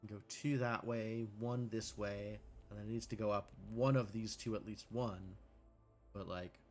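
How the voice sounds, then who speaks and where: A man's voice: fairly low pitch, fairly even intonation, unhurried, faint music behind. A male livestreamer giving casual gameplay commentary, thinking aloud with questions to himself and chatting and laughing with viewers. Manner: chats with viewers, laughing easily.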